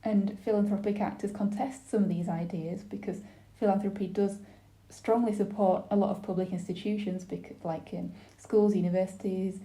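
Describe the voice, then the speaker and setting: A woman giving a simultaneous interpretation of a webinar panel, speaking in a measured, formal way with brief pauses and restarts. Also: mid-range voice, fairly even intonation, mellow.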